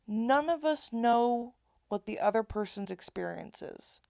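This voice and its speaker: A woman's voice: a little high, lively intonation, a little slow, creaky, a little mellow. A woman in her twenties talking straight to camera in a rambling, candid monologue, often breaking off and restarting her sentences. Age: 20s. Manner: rambling, self-interrupting, candid. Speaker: vlogger. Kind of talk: casual confessional monologue.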